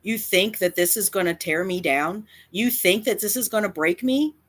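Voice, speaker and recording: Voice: mid-range voice, normal speed, fairly bright tone. Defiant YouTuber ranting to camera. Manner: defiant, emphatic, repeats lines for effect. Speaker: cat advocacy YouTuber. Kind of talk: confrontational direct-to-camera rant.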